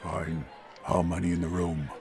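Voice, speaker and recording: A man doing a curt, gruff tavern keeper. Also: deep voice, little pitch movement, moderate pace, a little mellow, soft background music, voice pushed down. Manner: terse, grudging.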